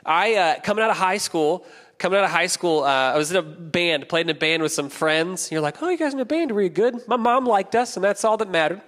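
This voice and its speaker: Young man, pastor, high voice, animated storytelling, reverberant church hall. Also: a little fast. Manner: animated storytelling with playful asides. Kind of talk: sermon. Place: church auditorium.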